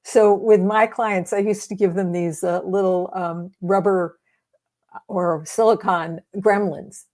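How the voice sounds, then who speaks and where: A woman's voice: medium pitch, steady tone, slow pace, darkish tone. A woman guest, a grief coach, explaining her methods in a reflective, casual interview. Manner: reflective, explaining with many fillers.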